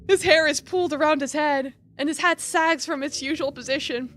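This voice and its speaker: A woman's voice: high-pitched, brisk, fairly bright tone. A woman streamer reading a game aloud, dramatic, jumping from narration to shrieks and mock sobs.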